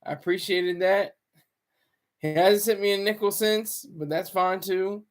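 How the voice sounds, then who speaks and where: High-pitched male streamer; loose, meandering, self-interrupting chat to viewers. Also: steady tone, unhurried. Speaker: livestreamer. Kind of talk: casual livestream commentary.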